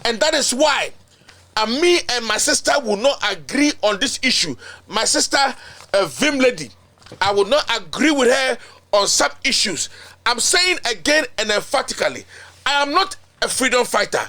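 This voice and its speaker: A man's voice: very high-pitched, big pitch swings, moderate pace, bright, forceful tone. A Ghanaian man hosting a political commentary show, talking in an indignant, emphatic way. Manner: indignant, emphatic, mixes in local-language chants and repetition.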